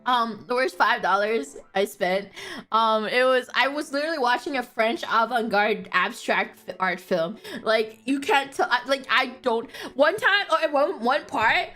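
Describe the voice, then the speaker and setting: A woman's voice: on the high side, animated, measured pace, sharp tone. A young woman streamer telling a story in casual chat, giggling often and swearing freely, with faint music behind her.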